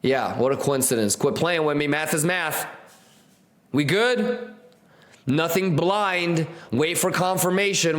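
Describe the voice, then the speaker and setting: A man hosting a live trading stream, hyped and slangy, repeating catchphrases and talking straight to his viewers. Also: on the high side.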